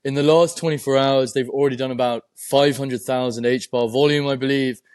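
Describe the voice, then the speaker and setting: A man co-hosting a casual crypto chat, talking in a measured way with many "you know"s. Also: medium pitch, fairly even intonation, darkish tone, clean tone, no echo. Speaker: co-host.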